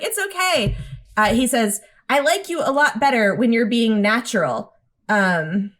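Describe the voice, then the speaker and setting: A woman with a fairly high voice co-hosts a casual podcast. She retells cartoon scenes with lively energy, slipping into playful voices for each quoted character. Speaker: podcast co-host. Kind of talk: casual chat recapping a cartoon.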